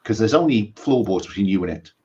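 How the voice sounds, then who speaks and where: A man's voice: on the low side, lively intonation, fairly quick, dark tone, husky, lo-fi sound. A man running a tabletop horror game as game master, talking with many ums and restarts.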